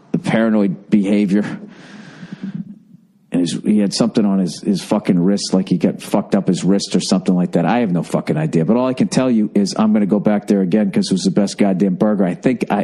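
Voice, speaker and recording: Tired forties male podcast host, rambling profane monologue, warm low timbre. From United States. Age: 40s. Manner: rambling, profane storytelling with lively acted-out quotes. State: lethargic, tired. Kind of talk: solo comedic monologue.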